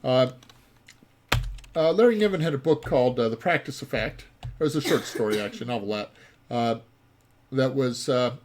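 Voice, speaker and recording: A man's voice: mid-range voice, moderate pace, pauses often, a little mellow, a little hiss or hum. A man who designed the game, giving let's play commentary while he plays it, rambling and full of ums and uhs. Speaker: game designer playing his own game.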